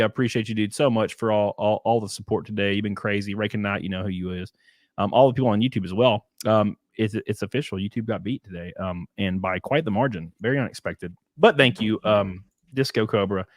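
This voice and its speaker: Here the man's voice sits on the low side as he hosts a laid-back livestream chat, rambling and frequently laughing. He's a podcast host from the Southern United States with a Southern American accent, heard in dry, studio-quality sound.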